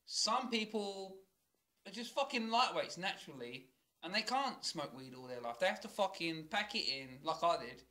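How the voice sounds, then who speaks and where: Bright-voiced sweary London man. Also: sits high, expressive, moderate pace. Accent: London working-class. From South London. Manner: sweary, rambling, laughs often. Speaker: podcast co-host. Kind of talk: casual chat.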